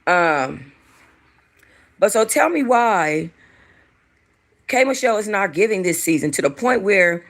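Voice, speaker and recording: A woman in a mid-range voice dishing reality TV gossip straight to her viewers. She is animated and profane, swinging from loud incredulity to low, muttered asides. Her delivery is casual and conversational throughout. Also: a little slow, pauses often. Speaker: host.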